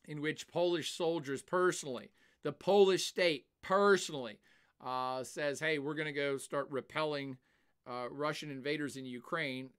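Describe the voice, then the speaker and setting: Older male streamer, animated and chatty, answers viewer questions. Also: fairly high pitch, clean tone. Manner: animated, laughs often, puts on silly voices. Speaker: livestream host. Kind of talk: casual livestream chat, answering chat questions.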